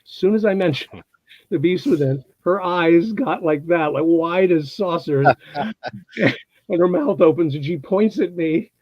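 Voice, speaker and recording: Guy in his 60s telling showbiz stories, kinda high voice, acts out the quotes, dry muffled sound. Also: unhurried, no room sound. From United States. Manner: animated storyteller, acts out quotes, laughs often. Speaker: actor interviewed as guest. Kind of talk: casual anecdote-telling.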